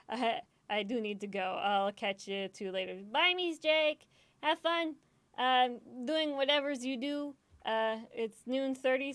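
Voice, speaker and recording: A woman's voice: on the high side, smooth, dry recording. A woman gaming streamer in casual chat, rambling, swearing often and laughing easily, self-deprecating and emotional.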